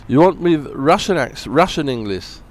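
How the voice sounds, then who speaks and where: A man's voice: on the high side, lively intonation, moderate pace. A man giving casual live cricket commentary, chatty and joking and often laughing.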